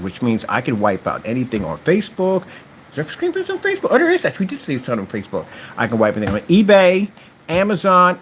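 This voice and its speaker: A man's voice: medium pitch, fairly bright tone, slight background noise. A man who runs a screen paint business, talking casually and boastfully to camera, trash-talking his competitors. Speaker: screen paint company owner. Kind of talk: casual promotional rant to camera.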